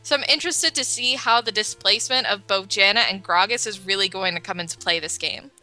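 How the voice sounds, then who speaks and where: A woman casting a live esports match with confident, quick analysis and a joking edge. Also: medium pitch, pushed and bright, soft background music. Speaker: esports caster.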